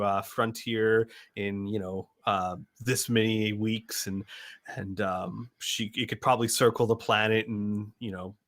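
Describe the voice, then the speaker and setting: A man narrating a tabletop game as game master, unhurried and halting with fillers. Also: on the low side, a bit bright.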